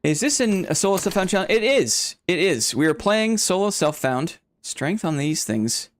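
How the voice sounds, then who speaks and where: A man streaming a game live, chatting with his viewers, thinking out loud, repeating short phrases and getting jumpy and excitable during fights. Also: sits high, moderate pace, slight background noise. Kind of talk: live gameplay commentary.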